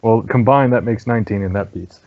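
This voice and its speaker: Man as a wry game master, low voice, dull lo-fi recording. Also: brisk. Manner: wry, laughing and descriptive. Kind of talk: narrating a tabletop game. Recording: dull lo-fi sound.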